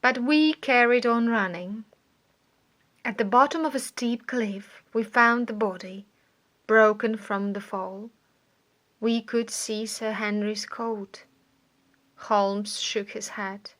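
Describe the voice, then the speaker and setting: A woman narrating an audiobook with a slow, careful delivery and a bright, clear tone. Her voice sits a little high. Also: fairly even intonation.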